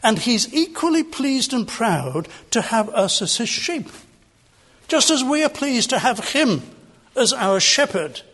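A man's voice: very high-pitched, very animated, a little slow, a bit bright. An older man preaching a sermon as pastor, earnest and emphatic, building on repeated phrases.

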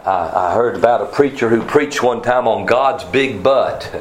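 A man preaching a sermon, fervent, his voice swinging from soft, slow passages to loud, rising emphasis. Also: mid-range voice, slight background noise. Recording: echoey room with faint ambience.

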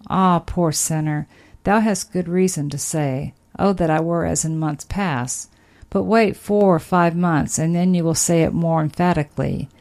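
A woman reading an old sermon aloud in a solemn, measured way. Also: lowish voice, darkish tone. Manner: solemn, measured, archaic phrasing. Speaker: sermon reader.

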